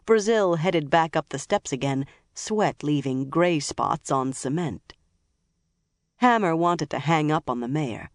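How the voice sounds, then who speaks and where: An audiobook narrator reading a crime thriller in an even, measured way. The voice sits at a middle pitch. The recording is dry and close to the mic. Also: no room sound.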